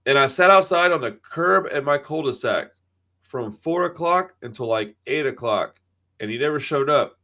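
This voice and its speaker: A man's voice: on the high side, animated, moderate pace, sharp tone. Chatty, cursing man telling stories. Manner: profane storytelling, acts out quoted voices. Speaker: podcast co-host. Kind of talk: casual chat.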